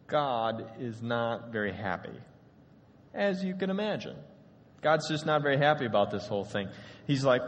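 A man's voice: medium pitch, big pitch swings, normal speed, a little hiss or hum. Casual male preacher in an echoey hall. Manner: casual and conversational, addressing a congregation. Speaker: pastor. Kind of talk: sermon.

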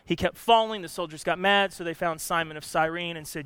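A male pastor preaching a sermon, telling the story with drama and swinging from loud emphasis to hushed, somber lines. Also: a little high, brisk, clean tone, no room sound.

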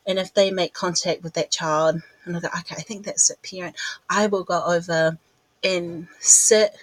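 In this clip her lowish voice keeps a steady tone at a normal speed as she hosts her podcast in a rambling, casual way, laughing at herself and catching her breath between phrases. It's a low-quality recording, close and dry with no room sound.

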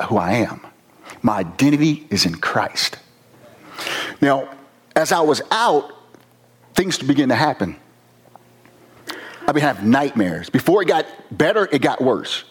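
A man from Virginia, a former police officer, giving an earnest, emotional personal testimony with slow pauses. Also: mid-range voice, big pitch swings, breathy edge. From Virginia, USA.

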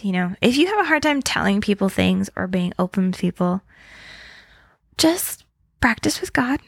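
A woman's voice: on the high side, fairly bright tone, no echo, clean studio sound. A woman co-hosting a casual faith chat, talking freely with lots of "like" and easy laughs. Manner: chatty, heavy use of "like", laughs easily.

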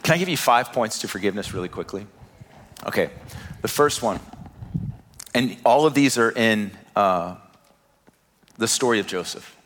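A man's voice: on the low side, fairly bright tone, a little hiss or hum. A man in his thirties preaching a sermon, earnest, repeating words and rising in emphasis. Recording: long hall reverb.

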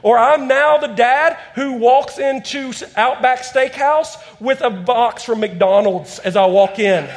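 A pastor in his thirties preaches a conversational sermon in church, telling stories and acting out the quotes within them. His voice is extremely high and slow, with hardly any pauses.

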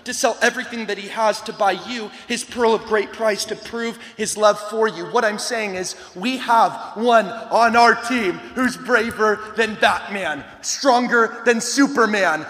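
A man giving an energetic youth camp sermon to a lively crowd, shouting at times and joking between points. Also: high voice, a little slow, few pauses. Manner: animated, shouting to a rowdy crowd, playful asides. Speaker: camp guest speaker. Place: large hall with a live audience. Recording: long hall reverb.

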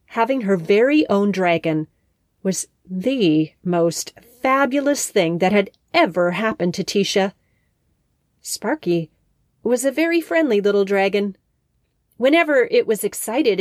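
A woman host narrating a scripted story in a calm, expressive way on a close mic. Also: medium pitch, no echo.

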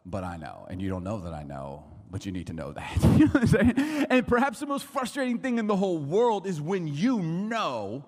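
A man's voice: sits high, wildly swooping pitch, moderate pace, few pauses, darkish tone. A middle-aged male pastor preaching a sermon with humorous storytelling, joking and laughing often. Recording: long reverb of a large hall.

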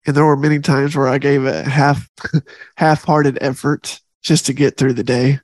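A man's voice: medium pitch, little pitch movement, moderate pace, a little mellow, dry recording. A middle-aged man hosting a faith podcast, speaking earnestly and from the heart, repeating key phrases for emphasis. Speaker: podcast host.

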